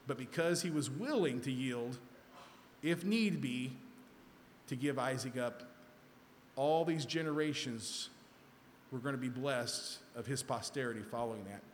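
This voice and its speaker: A man's voice: mid-range voice, measured pace, pauses often, a little hiss or hum. A man leading a Bible study, reading scripture aloud and then explaining it with emphasis. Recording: echoey hall with faint ambience.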